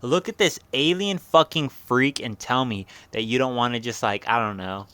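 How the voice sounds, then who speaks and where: A young man talking through a fight card recap in loose, rambling slang, swearing nearly every line. His voice sits at an ordinary middle pitch, and the sound is dry and close with no room echo. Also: normal speed, bright, forceful tone. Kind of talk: casual profane fight recap.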